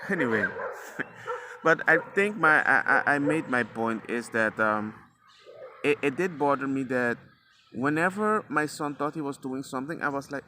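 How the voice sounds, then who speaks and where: A man's voice: medium pitch, a little slow, sharp tone, a little hiss or hum. A father sharing his parenting experiences in a rambling, slangy, casual way, often acting out quotes of himself and his son. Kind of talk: casual storytelling monologue. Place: outdoors, near a passing dog walker.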